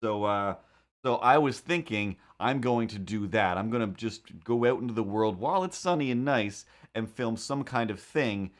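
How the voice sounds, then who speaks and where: A man's voice: on the low side, normal speed. A man hosting a drawing live stream, casually telling a rambling story and acting out the people in it. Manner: animated, acts out quoted voices, rambling asides. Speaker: live-stream host and cartoonist.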